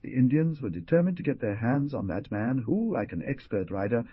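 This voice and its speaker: A man narrating an adventure audiobook in an expressive storytelling manner. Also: mid-range voice, a little fast, husky, no echo. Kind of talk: scripted narration. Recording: dull dry lo-fi.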